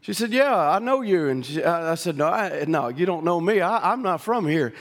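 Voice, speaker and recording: A middle-aged man from Louisiana with a Southern accent, preaching a sermon in a folksy storytelling way with many restarts, rising to shouted climaxes. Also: a little high, expressive, normal speed, in a large hall.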